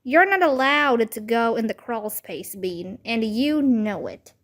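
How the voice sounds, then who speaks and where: A grumpy, bossy teenage babysitter, as a woman puts her on in a storybook read-aloud. Her voice sits high and moves slowly, yelling in a panic and then scolding firmly. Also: lively intonation. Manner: frantic yelling, then grumbling and firm.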